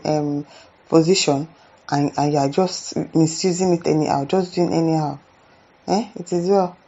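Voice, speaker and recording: A woman with a Nigerian accent reads viewer comments and reacts with animated asides. Her voice sits low and mellow. The recording sounds dull and lo-fi. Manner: animated, exclaims and adds asides like "eh?". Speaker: commentary channel host.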